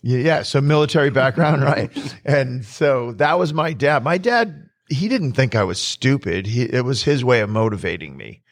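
A man chatting casually as a host, telling lively stories, acting out quotes and laughing often. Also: medium pitch, normal speed, few pauses, no echo, clean studio sound. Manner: animated storyteller, acts out quotes, laughs often. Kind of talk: casual storytelling chat.

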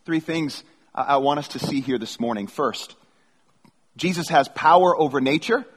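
A man's voice: fairly high pitch, moderate pace, slightly rough. A middle-aged man preaching a sermon as a pastor, reading scripture and telling stories casually, often restarting his phrases. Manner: conversational storytelling with repeated restarts. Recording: long hall reverb.

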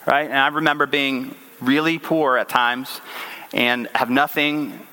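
A man's voice: mid-range voice, steady tone, a little slow, pushed and bright. A man in his thirties preaching a conversational sermon, earnest and full of restarts and rhetorical questions.

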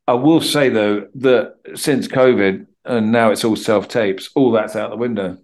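A middle-aged Englishman talking casually as a podcast guest, telling animated stories and acting out quotes. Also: fairly low pitch, a little slow. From England. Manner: chatty, animated storytelling with acted-out quotes. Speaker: guest actor.

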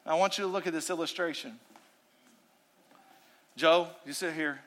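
A man preaching a sermon as pastor, animated, swinging between loud, emphatic lines and hushed, intimate ones. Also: fairly high pitch, moderate pace, long pauses.

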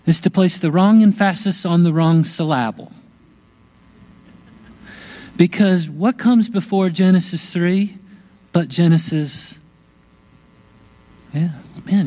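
Slow, mellow-voiced male pastor. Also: sits high, rough recording. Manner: slow, gentle and reflective, with long pauses. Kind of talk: sermon.

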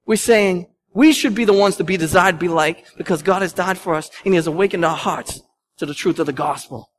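Animated, conversational male preacher. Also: high-pitched, a little fast. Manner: conversational, animated storytelling with laughs. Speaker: pastor. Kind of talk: sermon. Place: church sanctuary.

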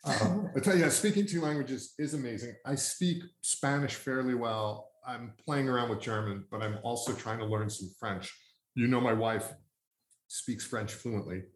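A man's voice: mid-range voice, normal speed, roomy sound. A man from Long Island interviewing a guest in a casual chat. He rambles with fillers and restarts. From Long Island, New York.

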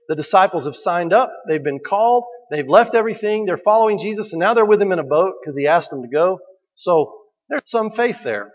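A man preaching a sermon in a conversational way, asking the listeners questions and repeating key phrases. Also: sits high. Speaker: pastor. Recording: dull recording with long hall reverb.

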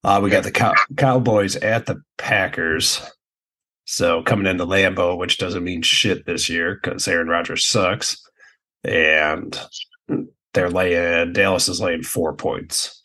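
A man's voice: low-pitched, fairly even intonation, slow pace, bright, forceful tone. A man co-hosting a casual sports betting podcast, laid-back and profane. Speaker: podcast co-host.

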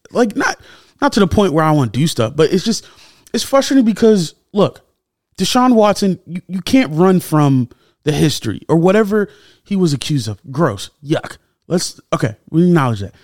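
A young man hosts a solo podcast, sounding heated and indignant as his mid-pitched voice leaps up when he gets worked up. The recording is dry and close, with no room sound. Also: dry recording. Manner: animated, indignant, rises sharply when heated. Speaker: podcast host. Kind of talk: casual solo commentary.

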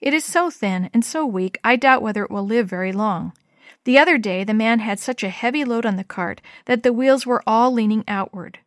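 Lady reading a christmas story, gentle and steady, dry close mic. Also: a little high, moderate pace, no echo. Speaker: story reader.

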